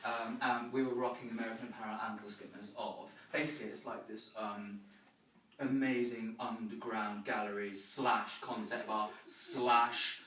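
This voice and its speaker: A smug, trendy hipster, as a man puts him on in a stage comedy, whose drawl is low and mumbled and full of ums. The roomy space echoes around him, and the mic is far off. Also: level tone, normal speed, pushed and bright, a little hiss or hum. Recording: roomy sound from a distant mic.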